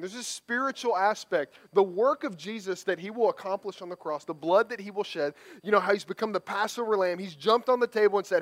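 Male pastor, high-pitched voice, easygoing preaching with frequent restarts. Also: brisk. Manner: conversational, tag questions, repeated restarts. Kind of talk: sermon.

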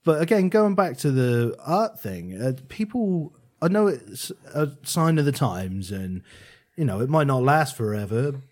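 A man's voice: medium pitch, sing-song, unhurried. A man, hosting a casual chat and encouraging his guest. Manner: encouraging, chatty.

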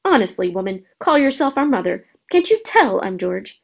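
A woman's voice: mid-range voice, sing-song, normal speed, vocal fry. A woman voicing a cheeky teenage boy who jokes with his mother in a storybook reading. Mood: teasing.

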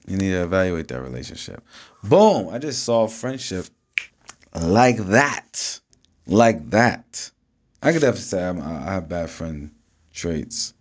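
A man's voice: deep voice, big pitch swings, a little slow. A man in casual solo talk to camera, loose and streetwise, swearing freely and often asking whether you follow. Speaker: vlogger.

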